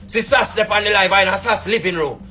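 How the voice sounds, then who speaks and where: He's a businessman with a Jamaican patois accent, telling his side in a casual, indignant live-stream rant full of rambling and repeated fillers. The voice is high and sharp at a normal speed, and there's slight background noise.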